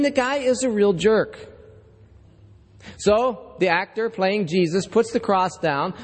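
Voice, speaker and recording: A man preaching as pastor, reading scripture and telling a story to the congregation in a conversational way. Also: sits high. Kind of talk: sermon with scripture reading and joke. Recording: echoey church hall.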